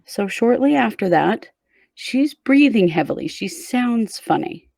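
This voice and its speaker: A woman's voice: on the high side, expressive, measured pace, gravelly, a little mellow, no echo. A woman hosting a true crime show, casually walking her co-host through a case step by step. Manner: conversational, recounts events step by step.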